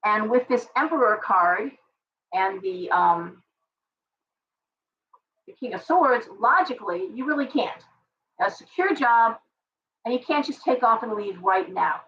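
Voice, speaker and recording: Middle-aged woman, tarot livestream host, chatty and ranty, fairly high voice, dull lo-fi sound from a distant mic. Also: a little slow, pauses often, a little hiss or hum. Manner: chatty, ranting, animated asides. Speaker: tarot reader and live stream host. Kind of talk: casual livestream tarot reading.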